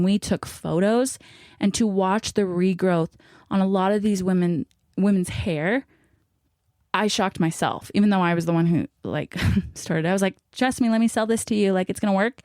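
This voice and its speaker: A woman's voice: lowish voice, a little mellow, no echo. Breathless chatty young woman, dry closet sound. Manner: chatty, upbeat, laughs often, says y'all. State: a bit out of breath. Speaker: podcast host. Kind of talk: casual solo podcast chat. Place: small closet alcove under stairs.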